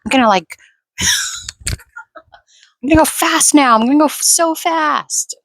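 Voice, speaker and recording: A woman voicing an overreacting, panicky complainer in a shrill, whiny, exaggerated way. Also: a little fast, a bit bright, dry recording.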